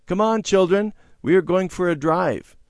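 A man's voice: medium pitch, lively intonation, brisk, no echo, clean studio sound, voice pushed up, lightly acted. A man reading as a kindly storybook father. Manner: kind, gentle.

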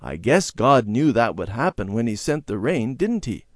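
A man's voice: mid-range voice, sing-song, normal speed, no echo, clean studio sound. A man reading aloud and voicing an earnest, eager young schoolboy in a storybook. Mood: thoughtful.

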